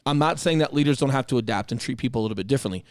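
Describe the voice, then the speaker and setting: A man's voice: mid-range voice, rapid-fire, no room sound, clean studio sound. A man and former Marine co-hosting a podcast, talking casually in a blunt, direct way and swearing freely. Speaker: podcast co-host.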